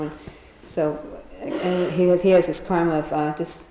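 A woman's voice: on the low side, little pitch movement, a little slow, dark tone, a little hiss or hum. A woman casually retelling an animal fable, rambling with fillers and chuckling as she goes. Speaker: storyteller. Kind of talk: casual storytelling. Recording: roomy echo.

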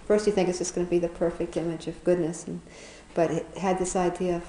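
A woman's voice: fairly low pitch, level tone, fast, mellow, echoey room, a little hiss or hum, poor audio. A woman casually retelling a children's fable, chatty, often laughing, with many fillers and restarts. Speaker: storyteller.

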